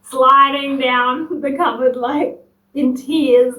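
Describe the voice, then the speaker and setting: A woman in her twenties co-hosts a relaxed chat, animated and often laughing as she reads stories aloud. Her voice sits a little high. The sound is roomy and heard from a distance off the mic. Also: takes it slowly. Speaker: co-host. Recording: echoey room, distant mic.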